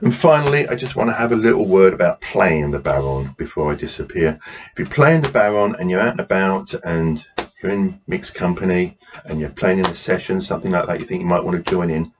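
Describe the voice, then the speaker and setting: The brisk, low-sitting voice with lively intonation belongs to an Englishman teaching a drumming workshop. He plays while patiently counting beats and explaining rhythms, on a dull, lo-fi recording with noise.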